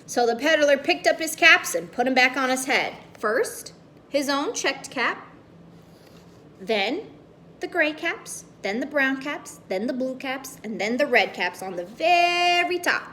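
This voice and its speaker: Slow, high-voiced woman reading to kids. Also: animated, bright, forceful tone, a little hiss or hum. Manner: addresses children with questions, playful. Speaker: storyteller reading to children. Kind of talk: children's story read-aloud.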